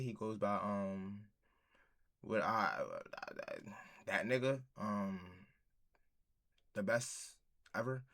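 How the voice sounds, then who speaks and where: A man's voice: fairly low pitch, very animated, slow pace, vocal fry, pauses often, a bit bright. A man streaming his reactions to a video, casual and rambling, with lots of fillers.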